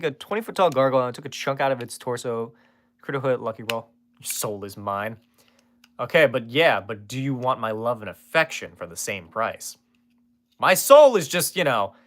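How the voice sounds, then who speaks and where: A man talks loosely to his live-stream chat, cracking jokes and swearing as he answers viewers. His voice is bright and forceful, and his pitch swings widely from line to line. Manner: rambling, swears freely, jokey asides to chat.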